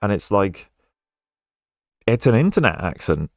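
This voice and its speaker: A man's voice: lowish voice, big pitch swings, unhurried, vocal fry, dry recording, clean studio sound, soft background music. A young man with a posh British accent, chatting casually and rambling with fillers while he plays through a racing game on stream. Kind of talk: casual gameplay stream chat.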